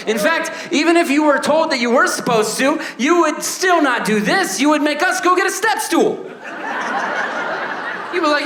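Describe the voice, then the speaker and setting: A man in his thirties working a stand-up set with a high, bright voice that he pushes up into shouts for the punchlines. He jumps into quick little character voices, and the room around him rings with echo. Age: 30s. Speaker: stand-up comedian. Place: stage before a laughing audience.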